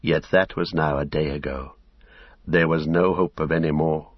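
A man narrating a novel in a measured, solemn storytelling manner. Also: extremely low pitch, steady tone, dry recording, highs cut off. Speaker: audiobook narrator.

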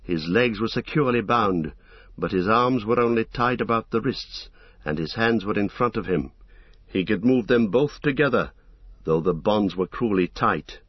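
A man narrating a fantasy audiobook in a measured, dramatic storytelling manner, in a dull, muffled recording. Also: lowish voice, lively intonation, husky, dry recording.

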